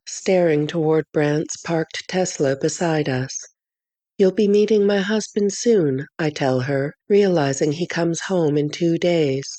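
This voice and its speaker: A woman reads a first-person novel aloud in a measured, clear storytelling manner. Her voice sits on the low side, and the recording is dry and close with no room sound. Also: dark tone, dry recording. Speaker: audiobook narrator. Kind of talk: first-person audiobook narration.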